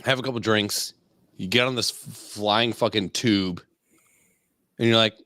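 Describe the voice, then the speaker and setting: Male co-host with a low voice, crude rambling anecdotes, dry mic. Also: unhurried, pauses often, bright, forceful tone, no room sound. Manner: rambling, crude, laughing stories. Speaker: podcast co-host. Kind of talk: casual chat.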